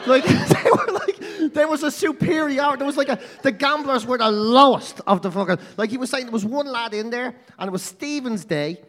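A man's voice: sits high, a bit bright, long reverb tail. A man with a Dublin accent, chatting on a podcast and telling stories bluntly, swearing a lot and laughing often. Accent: Irish, Dublin. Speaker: podcast co-host. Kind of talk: casual chat, storytelling.

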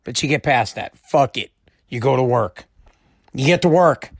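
A man's voice: mid-range voice, animated, normal speed, no echo, studio quality. A man giving a casual, profane, exasperated rant, repeating himself for emphasis. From Boston area. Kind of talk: casual ranting monologue.

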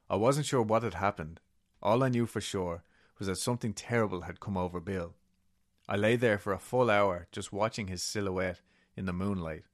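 At normal speed and a lowish pitch, this podcast co-host loosely recounts a story, reading out book quotes along the way. Swearing and laughing asides pepper his talk.

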